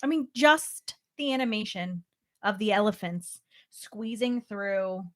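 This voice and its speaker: A woman's voice: medium pitch, lively intonation, unhurried, a bit bright. A woman co-hosting a podcast, chatting casually and sounding delighted. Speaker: podcast co-host.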